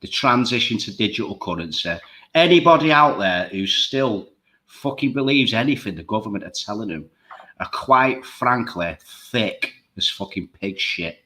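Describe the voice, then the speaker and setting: A man's voice: lowish voice, lively intonation, moderate pace, bright, forceful tone. A man talking bluntly and emphatically in a casual chat show, swearing freely.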